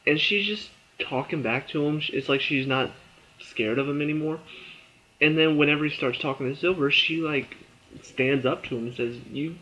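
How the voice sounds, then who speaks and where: A man's voice: a little high, moderate pace, bright, forceful tone, muffled recording. A tired man reviewing a TV episode in a casual, rambling way, full of fillers and restarts.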